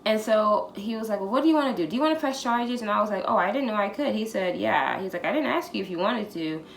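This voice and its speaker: A woman's voice: mid-range voice, quick pace, creaky. Profane storytelling woman in her twenties. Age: 20s. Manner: candid, profane, animated retelling with acted-out quotes. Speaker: vlogger. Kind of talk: storytime vlog. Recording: echoey room, faint background hiss.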